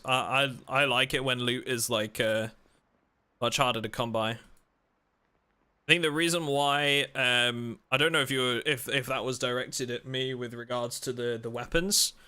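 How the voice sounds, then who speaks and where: A man's voice: medium pitch, steady tone, moderate pace, sharp tone, clear, resonant tone. A man hosting a game live stream, chatting casually and rambling, joking with his viewers and cutting himself off mid-sentence. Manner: rambling, self-interrupting, joking with chat.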